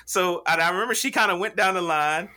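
A man's voice: high-pitched, fast talker, bright, forceful tone. A man in his thirties telling stories in casual chat, swearing freely and acting out the voices of people in his stories. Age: 30s. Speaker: podcast co-host.

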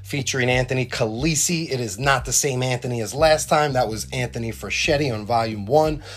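A man hosting a podcast, telling stories about refereeing in a relaxed, chatty way. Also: mid-range voice, brisk. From New York. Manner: relaxed, anecdotal storytelling with laughs and acted quotes. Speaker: basketball referee and podcast host. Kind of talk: casual podcast chat. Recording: echoey room with faint ambient noise.

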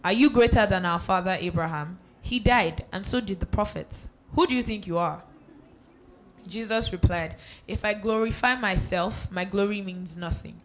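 A reader going through a Bible passage aloud at a steady pace, with a few small slips and restarts. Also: medium pitch, moderate pace. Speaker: scripture reader. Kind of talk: reading scripture aloud.

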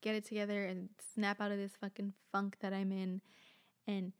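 A young woman talks to her podcast listeners from a room at home late at night, in a loose, rambling monologue. Her pitch sits in a middle range for a woman. She speaks frankly, swears freely and fills her sentences with "like.". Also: monotone, moderate pace, clear, resonant tone. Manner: frank, swears often, heavy use of "like". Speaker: podcast host.

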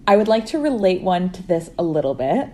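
A woman's voice: on the low side, sing-song, brisk, warm tone. A young woman co-hosting a podcast in casual chat, giggly and full of "like". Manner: chatty, giggly, lots of "like". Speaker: podcast co-host.

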